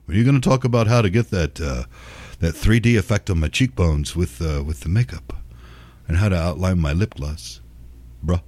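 A man's voice: low voice, normal speed, darkish tone, voice pushed down. A man doing a dim, drawling bro fan. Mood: confused. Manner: drawling, confused, ends lines with "bro". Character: dim young male influencer fan, slacker drawl.

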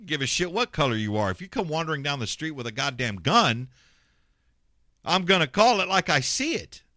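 A man rants on his talk radio show, blunt and sarcastic and quick to swear. His pitch rises and falls a lot. The sound is dry and close, with no room around him. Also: big pitch swings, sharp tone, dry recording. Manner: mocks callers in put-on voices. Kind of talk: ranting talk radio monologue.

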